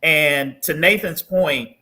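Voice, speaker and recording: A man's voice: fairly high pitch, slow, pushed and bright. A man hosting a talk panel who affirms the other speakers and steers the conversation.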